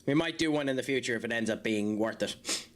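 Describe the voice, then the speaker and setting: Game music plays behind an Irish man with a medium-pitched, brisk voice who is streaming a game live. Between fights he jokes and chats with viewers, dropping in many fillers.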